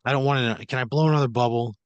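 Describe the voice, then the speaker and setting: A man taking part as a player in an improvised story game, thinking out loud and swearing in disbelief. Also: mid-range voice, fairly even intonation, racing, clean tone, no echo, dull audio. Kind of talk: casual improvised role-play.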